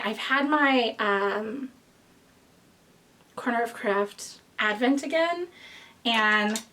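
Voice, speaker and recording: Speaking to camera in a bright, high voice, a young woman who hosts a knitting podcast chats casually with her viewers. She rambles, drifts into tangents, restarts herself, and sounds slightly out of breath.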